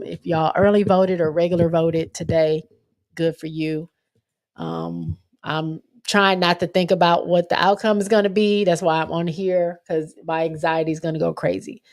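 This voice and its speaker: A woman's voice: fairly low pitch, darkish tone. Chatty woman hosting a livestream. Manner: chatty, reads viewer comments aloud, self-correcting. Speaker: livestream host. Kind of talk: casual sports chat livestream.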